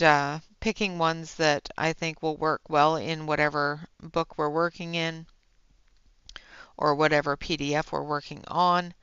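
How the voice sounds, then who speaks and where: A woman's voice: sits low, a bit bright, clean tone, no echo, highs cut off. A woman hosting a coloring livestream, chatting casually with her viewers as she works, with many fillers and frequent laughs. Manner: chatty, reads and answers chat, laughs often, many fillers.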